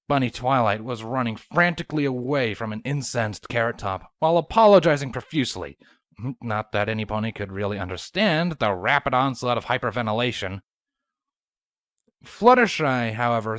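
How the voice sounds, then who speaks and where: A woman narrating a fanfiction story with an expressive reading. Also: extremely low pitch, normal speed, dry recording, clean studio sound. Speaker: fanfiction reader.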